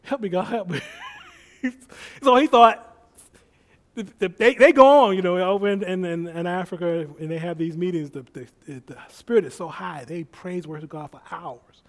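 High-voiced man telling a sermon story. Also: normal speed. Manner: animated, acts out quotes, laughs often. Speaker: preacher.

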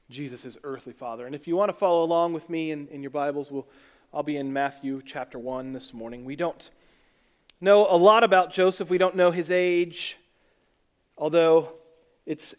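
A man preaching a sermon as pastor, earnest and conversational, often restarting and correcting himself. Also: on the high side.

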